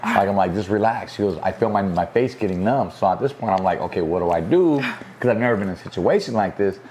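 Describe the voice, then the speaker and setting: A man's voice: lowish voice, animated, fast, a little mellow, a little hiss or hum. A young man co-hosting a casual vlog, laid-back, retelling events in quoted dialogue. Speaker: vlog co-host. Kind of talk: casual storytelling to camera.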